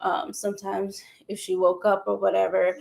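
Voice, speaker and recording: A woman's voice: mid-range voice, little pitch movement, normal speed, gravelly, a little mellow, slight background noise, low-quality recording. A woman vlogger and mother talking casually to camera, candid and rambling as she vents, a little out of breath.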